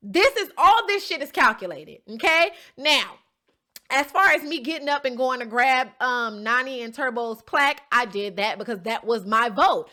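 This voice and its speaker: Emphatic woman, bright voice, recapping. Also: a little high, animated, moderate pace. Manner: emphatic, keeps checking in with "okay?" and "right?"; swears casually, storytelling tone. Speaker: reality show contestant recapping an episode. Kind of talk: casual recap to camera.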